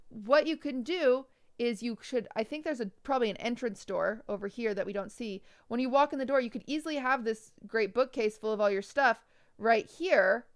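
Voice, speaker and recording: A woman streamer critiques viewers' bedrooms in a casual livestream, blunt and a little teasing as she nitpicks. Her voice sits fairly high and sounds smooth and clear.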